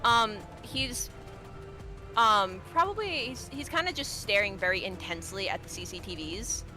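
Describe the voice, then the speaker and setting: A woman's voice: medium pitch, lively intonation, normal speed, sharp tone, faint music behind. A woman player on a voice call describing her character in a hesitant, rambling way with many ums.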